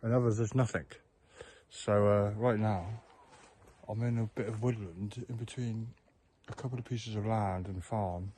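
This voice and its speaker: A man from south-west England keeps a rambling, halting hiking diary outdoors, full of fillers and restarts. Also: fairly low pitch, steady tone, dark tone, low-quality recording. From Plymouth, south-west England. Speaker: hiker and vlogger. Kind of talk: casual spoken hiking diary. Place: outdoors on open moorland and in woodland. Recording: outdoor camera audio with wind noise.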